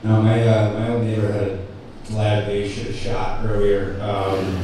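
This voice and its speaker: A stand-up comic rambles through a self-deprecating set at an indoor cafe open mic, full of ums and restarts. His fairly low, mellow voice is flat and at normal speed, picked up by a distant mic in a very echoey room with faint noise.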